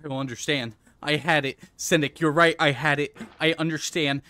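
A man's voice: fairly high pitch, normal speed, hardly any pauses, smooth. A man streaming live gameplay, talking himself through each move and flaring into swearing rage between laughs. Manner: excitable, swears and rages, coaches himself aloud.

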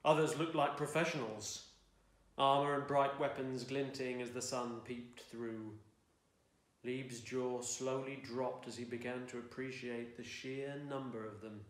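A man reads aloud from his own fantasy novel in an expressive audiobook style, dry and wry in his storytelling. His voice sits in an ordinary middle pitch. The recording carries a noticeable roomy echo, as if made in a room at home. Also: measured pace. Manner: dry, wry storytelling, belting out the shouted lines of dialogue. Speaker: author reading his own fiction.

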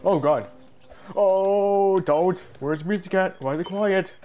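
A man giving casual gameplay commentary, excitable and yelping at every mishap, with a stuffy nose. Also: high-pitched, unhurried, muffled recording, soft background music. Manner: excitable, yelps and shouts at mishaps. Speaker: gaming YouTuber.

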